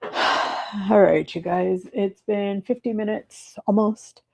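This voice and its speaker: Chatty woman streamer, gravelly and mellow. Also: takes it slowly. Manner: chatty, bursts into high excited cheering. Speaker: live-stream host. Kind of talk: casual live-stream chat. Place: home desk. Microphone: clip-on mic in her shirt.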